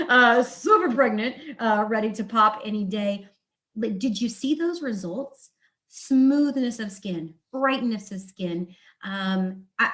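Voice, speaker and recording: A woman with a medium-pitched voice presents beauty products at a live event. Her delivery is chatty and enthusiastic. She drops in quick asides and restarts as she goes. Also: fairly bright tone. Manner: chatty and enthusiastic, acts out quotes of others.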